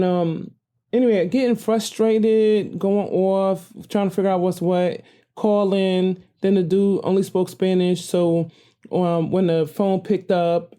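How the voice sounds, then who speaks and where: An older woman, hosting a podcast and telling a story in a rambling, animated way with frequent self-corrections. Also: fairly low pitch. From New Jersey. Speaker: podcast host. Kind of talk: casual storytelling monologue.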